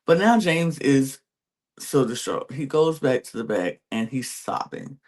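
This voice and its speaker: A man's voice: mid-range voice, animated, unhurried, a little mellow. A man hosting a podcast, casually recapping a reality-show episode and acting out the contestants' reactions as he goes. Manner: retells scenes by acting out contestants' quoted reactions. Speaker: podcast host.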